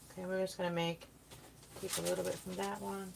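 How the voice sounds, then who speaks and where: A woman's voice: on the low side, level tone, fairly quick, creaky. A woman hosting a casual baking livestream, chatting and rambling to her viewers and her kitten in a home kitchen. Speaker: livestream host. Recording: noisy background.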